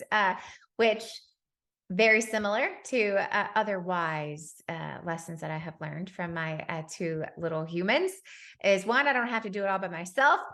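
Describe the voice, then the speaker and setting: A woman's voice: mid-range voice, fairly bright tone. A woman in her thirties sharing personal lessons about parenting in a candid, reflective talk, with frequent fillers and a habit of laughing at herself.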